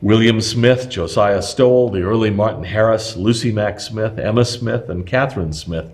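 Steady low-voiced man reading history. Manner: measured, steady reading with occasional slips. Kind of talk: reading a scripted historical text aloud.

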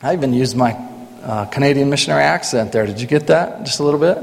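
A man's voice: mid-range voice, quick pace, creaky. A man introducing panel members with dry joking asides, in a large hall. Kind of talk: lighthearted introductions. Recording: long hall reverb.

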